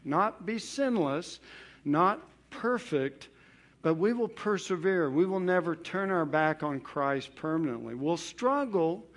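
A man preaching a sermon on scripture, emphatic, rising on key points and falling quiet at their close. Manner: emphatic, building to stressed promises then dropping low.

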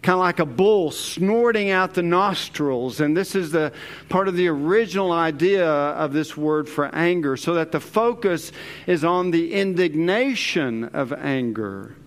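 Slow, deliberate male Bible teacher. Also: fairly high pitch, lively intonation. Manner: slow, deliberate, leans hard on key words.

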